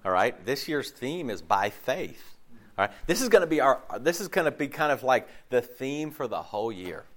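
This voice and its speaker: A male pastor giving a casual sermon, his voice hoarse and deeper than usual from a lost voice, rambling with many fillers and restarts before a congregation. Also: very animated, moderate pace. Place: church service before a congregation.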